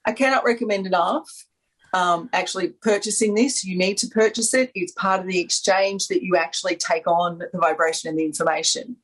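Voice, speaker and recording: Aussie woman rambling on a panel, excited, laughs a lot. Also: fairly low pitch, brisk, poor audio. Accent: Australian. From Australia. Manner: enthusiastic, rambling, laughs often. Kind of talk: casual chat.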